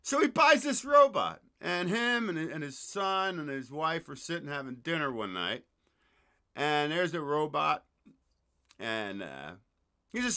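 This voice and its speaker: A man's voice: fairly high pitch, sing-song, unhurried, pushed and bright, clean tone. A man hosting his podcast, chatting loosely, telling a joke and swearing freely. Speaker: podcast host. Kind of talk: casual chat and joke telling.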